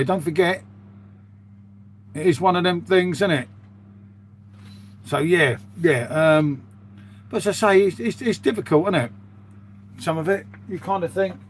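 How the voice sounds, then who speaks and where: A man's voice: a little high, normal speed, long pauses, a little hiss or hum. A British man chatting casually to his live-stream viewers, rambling and calling them "mate". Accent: British English. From United Kingdom. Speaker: live streamer reading chat.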